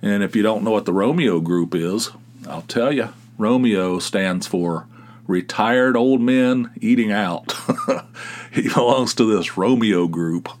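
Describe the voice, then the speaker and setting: Man, middle-aged, fairly low voice, casual rambling story, sarcastic asides, podcast host. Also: takes it slowly. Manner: rambling, animated, sarcastic, many restarts.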